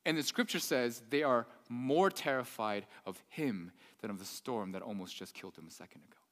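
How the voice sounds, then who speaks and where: A man preaching a sermon as pastor, swinging between loud, emphatic peaks and quiet, hushed stretches. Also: mid-range voice, normal speed. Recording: echoey hall.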